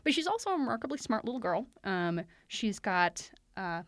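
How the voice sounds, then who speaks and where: A woman's voice: on the high side, sing-song, no room sound, clean studio sound. A woman co-hosting a casual book discussion, playful and enthusiastic as she sums up a story. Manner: playful, enthusiastic, quick to laugh. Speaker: podcast co-host.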